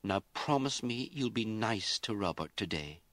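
Guy doing a highborn mom, scolding and bitter, voice pushed up high. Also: animated, unhurried, a bit bright, no room sound. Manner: wailing, scolding, rising to fury. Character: aristocratic middle-aged mother, anxious and bitter.

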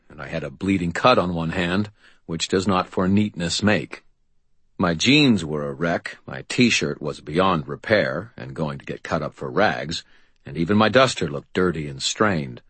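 A man reads a first-person audiobook in a dry, wry storytelling manner. His voice is very deep and a little husky, recorded close and dry with no room sound around it. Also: fairly bright tone, no echo. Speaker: audiobook narrator.

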